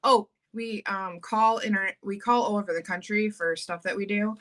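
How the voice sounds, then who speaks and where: Bright, giggly woman, casual storyteller, laughs often. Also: mid-range voice, steady tone, normal speed.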